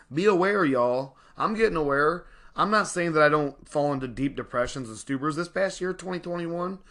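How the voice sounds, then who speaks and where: A man tells personal stories in a loose, rambling way and calls his viewers y'all. His voice sits a little high and sounds bright and forward. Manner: rambling, animated, addresses viewers as y'all, frequent laughs. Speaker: vlogger discussing a self-help book. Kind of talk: casual personal storytelling and reflection.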